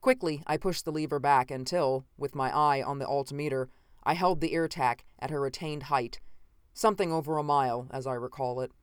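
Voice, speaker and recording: A narrator reading a first-person science fiction story in a measured, dramatic way. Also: mid-range voice, clear, resonant tone, dry recording, studio quality. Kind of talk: scripted audiobook narration.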